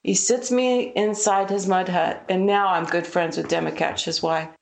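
Low, gravelly woman telling her story. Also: fairly even intonation, normal speed. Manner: earnest, vivid retelling with quoted dialogue. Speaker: missionary guest. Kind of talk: personal storytelling.

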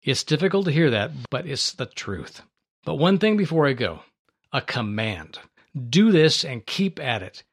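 A man voicing a sorrowful teacher who speaks softly and tenderly in a Bible paraphrase. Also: medium pitch, very animated, slightly rough, exaggerated voice. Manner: soft and slow, tender. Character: calm, sorrowful male teacher, adult.

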